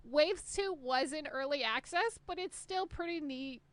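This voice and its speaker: A woman's voice: sits high, unhurried, fairly bright tone, no room sound. A woman co-hosting a casual gaming podcast, chatty, swearing freely and laughing often. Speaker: podcast co-host.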